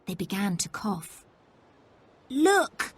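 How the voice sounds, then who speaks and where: A woman narrating a story for English learners, reading slowly and carefully. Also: mid-range voice, warm tone. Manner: slow, careful, clear reading.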